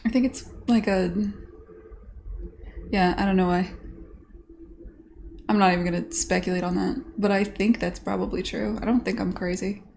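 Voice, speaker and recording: A woman's voice: mid-range voice, fairly even intonation, moderate pace, vocal fry, pauses often, darkish tone, a little hiss or hum. A woman streamer chatting casually, rambling along with lots of "like" and restarts. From United States. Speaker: game dev streamer. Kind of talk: casual chat.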